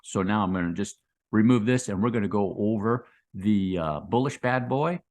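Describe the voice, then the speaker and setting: A man's voice: fairly low pitch, moderate pace, a little mellow. A middle-aged man hosting a crypto trading channel, explaining chart patterns in a loose, repetitive way and tagging lines with "okay?" and "right?". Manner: restarts and repeats phrases while sketching on a chart. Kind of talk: casual explainer talk to viewers.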